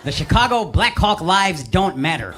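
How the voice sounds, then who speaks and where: A man in his thirties doing a stand-up comedy set, brash and profane, shouting his punchlines. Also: high voice, very animated, normal speed, very noisy. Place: comedy stage before a live audience. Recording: live club recording with loud crowd. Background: loud audience laughter.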